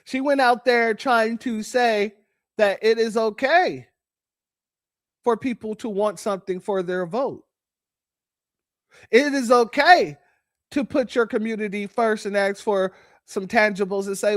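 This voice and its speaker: A man's voice: sits high, a little slow, pauses often, no echo, studio quality. A man giving sermon-style political commentary, preachy and sarcastic, calling his listeners family.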